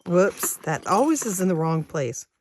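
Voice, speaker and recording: Lady in her 60s, slow and low, chatting to viewers and counting cash out loud. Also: very animated, noisy background. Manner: chatty, counts money out loud, talks to viewers as "you guys". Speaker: savings challenge vlogger. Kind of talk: casual chat to viewers.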